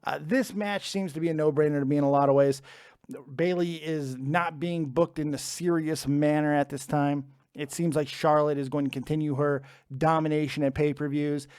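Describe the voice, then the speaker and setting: A man's voice: a little high, steady tone, moderate pace, darkish tone, clear, resonant tone, dry recording, studio quality. A man hosting a live wrestling prediction stream from home, chatty and joking as he reads out the chat. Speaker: wrestling show host.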